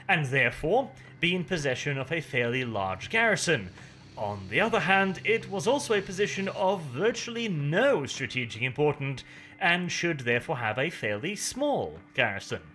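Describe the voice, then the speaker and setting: A man's voice: a little high, pushed and bright, a little hiss or hum. A man narrating lore with dry, cynical asides and casual swearing.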